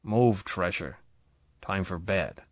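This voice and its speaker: A man voicing a drunk, crude tycoon who sneers and slurs his bullying words slowly. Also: low voice, expressive, no echo, full character voice. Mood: menacing drunk. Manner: sneering, slurred, deliberate.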